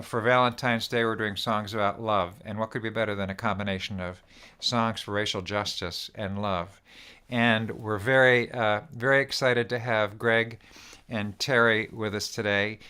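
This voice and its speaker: A man's voice: medium pitch, bright, forceful tone, clean tone. A man hosting an online song gathering, greeting viewers one by one in a friendly, rambling way over a video call. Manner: friendly, rambling, with many restarts and fillers. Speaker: host. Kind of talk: welcoming online viewers by name.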